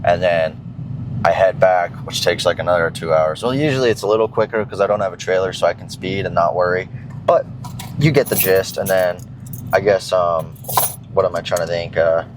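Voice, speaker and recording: A man's voice: deep voice, fairly quick, background noise. Chatty young man rambling in a vlog. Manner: rambling, chatty, swears casually, many fillers. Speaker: fitness vlogger. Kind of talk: casual vlog chat.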